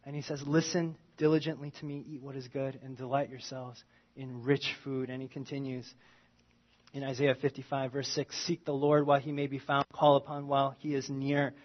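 A man preaching a sermon in a conversational, animated way, swinging from loud emphasis to quiet asides. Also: medium pitch, moderate pace, dull audio. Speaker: pastor.

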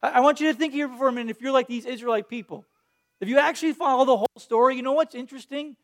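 A man preaching a sermon, reading scripture and then retelling it in a lively way, acting out the quoted voices. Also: extremely high pitch, racing. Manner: animated, acts out quoted voices. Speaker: pastor.

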